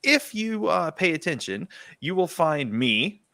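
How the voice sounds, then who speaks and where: A man announcing himself like a showman, then plugging his work in an upbeat way. His voice is bright, and the recording is dry, with little room sound. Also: fairly high pitch, big pitch swings, a little slow, vocal fry, dry recording. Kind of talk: casual podcast plug.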